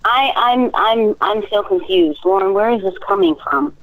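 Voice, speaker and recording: A woman's voice: fairly high pitch, expressive, moderate pace, creaky, fairly bright tone, dry recording. A woman on a phone call, starting hesitantly and then explaining her point insistently. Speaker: caller on a recorded phone call. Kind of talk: casual phone conversation. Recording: tinny phone line.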